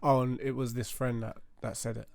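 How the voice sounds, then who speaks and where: A man's voice: medium pitch, flat delivery, a little fast, gravelly, a little mellow, no echo. A man co-hosting a casual podcast, prompting with short questions. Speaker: podcast co-host. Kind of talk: casual chat.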